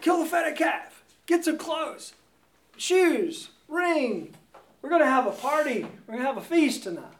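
A thrilled old father barks out quick, loud orders in a high voice, as a preacher puts him on. The sound is distant and roomy, caught from well back in a large space. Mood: jubilant. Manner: excited commands, barked out. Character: overjoyed old father welcoming his son home.

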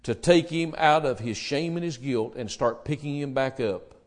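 A man preaching a sermon, swinging between loud, emphatic address to the congregation and hushed, quiet retellings of dialogue. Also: medium pitch, normal speed.

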